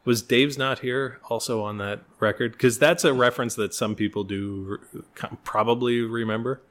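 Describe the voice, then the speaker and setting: A man's voice: medium pitch, steady tone, normal speed, a bit bright. A man co-hosting a casual chat podcast, rambling and laughing often. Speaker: podcast co-host.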